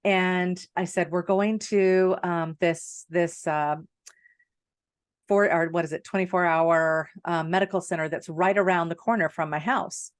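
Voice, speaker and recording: A middle-aged woman tells a story on a podcast in an easy, chatty way, laughing as she goes. Her voice sits a little low for a woman. The sound is dry and close, with no room around it. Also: measured pace, no room sound. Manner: animated, laughs often while telling a story. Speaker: podcast co-host. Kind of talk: casual storytelling chat.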